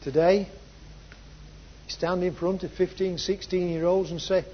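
A man preaching a sermon, moving from soft reflective passages to loud, emphatic repeated phrases. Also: high-pitched, fairly even intonation, measured pace. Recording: dull lo-fi sound.

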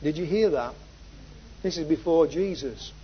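A man preaching a sermon, moving from soft reflective passages to loud, emphatic repeated phrases. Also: on the high side, a little slow, slight background noise. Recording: dull lo-fi sound.

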